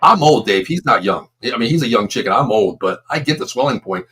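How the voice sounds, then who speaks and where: A man's voice: mid-range voice, animated, a little fast, fairly bright tone, slight background noise. A man in his fifties, a former football coach, co-hosting a casual sports talk show and telling long, emphatic stories. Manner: emphatic, rambling storyteller.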